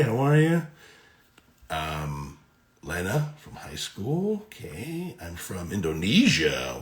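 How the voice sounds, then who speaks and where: A middle-aged man with a New York accent chats casually on a live stream, reading fan comments aloud and answering each one warmly. His voice sits low, and his pitch rises and falls a lot. The sound is roomy, with a noticeable echo. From Connecticut. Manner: chatty, friendly, reads comments aloud and answers them. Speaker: actor at a live autograph stream.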